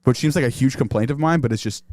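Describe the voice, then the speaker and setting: A young man muses earnestly in casual podcast chat, his thoughts wandering through plenty of fillers. His voice sits at a middle pitch, recorded dry and close. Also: quick pace, a little mellow, no echo. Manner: earnest, musing, heavy on fillers. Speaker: podcast co-host.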